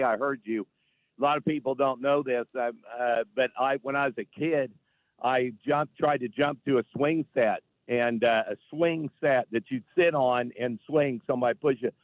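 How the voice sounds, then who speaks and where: A man calling in to a talk radio show, telling a story in an animated, insistent way over a phone line. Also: mid-range voice, no echo. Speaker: caller. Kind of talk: call-in radio chat.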